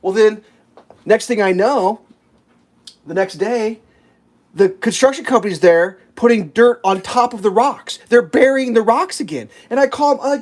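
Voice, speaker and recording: A live streamer telling an exasperated, profane story, ranting in an animated way, at home. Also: mid-range voice, moderate pace.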